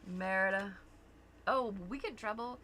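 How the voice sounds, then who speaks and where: A woman's voice: medium pitch, normal speed, background noise. A middle-aged woman hosting a crafting livestream, chatting casually with her daughter and laughing easily. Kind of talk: casual chat while crafting.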